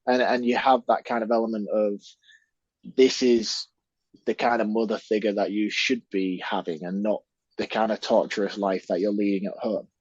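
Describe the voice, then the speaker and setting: Male co-host, average pitch, blunt opinions, dull dry recording. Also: moderate pace, slightly rough, dry recording. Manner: blunt, animated rants then apologises. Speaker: podcast co-host. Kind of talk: casual film review chat.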